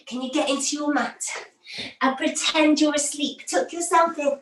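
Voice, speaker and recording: A woman leading a children's yoga lesson by telling a story, animated and gasping with wonder. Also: high voice, normal speed. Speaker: kids yoga teacher. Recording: roomy, from a distance.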